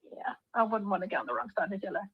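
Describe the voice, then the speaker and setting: A woman speaking as a guest on a live stream, breezy and fast, over muffled lo-fi call audio. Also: mid-range voice, gravelly, breathy edge. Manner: fast, breezy, says like a lot. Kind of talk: casual chat.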